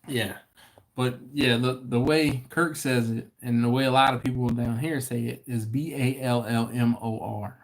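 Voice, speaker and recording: A man's voice: medium pitch, measured pace, fairly bright tone. A man hosting a casual livestream, chatting and rambling, often laughing and restarting his sentences. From not from Baltimore. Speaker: livestream host. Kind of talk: casual live-stream chat.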